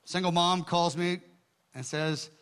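A male pastor telling stories in a sermon, animated and acting out the dialogue with quick asides. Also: high-pitched, clean tone. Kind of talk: storytelling sermon.

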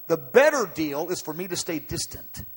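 A preacher voicing God as a stern, caring deity, high and echoing. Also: male voice, very animated, normal speed, slightly rough. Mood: insistent. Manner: emphatic, pleading and warning. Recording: long hall reverb.

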